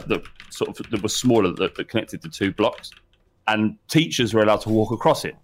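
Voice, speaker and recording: A man co-hosting a podcast, telling a school story animatedly with laughter. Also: lowish voice. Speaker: podcast co-host. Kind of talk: casual storytelling.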